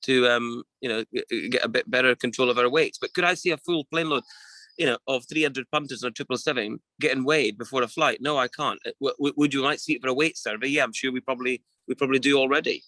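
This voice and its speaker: A middle-aged man talks casually as a co-host, picking his way through thoughts with stops and restarts. His voice is bright and forward. The sound is dry and close, with no room around it. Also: medium pitch, quick pace, dry recording, rough recording. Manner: hesitant, many restarts and fillers, thinking aloud. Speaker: co-host of a weekly aviation chat show. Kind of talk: casual chat.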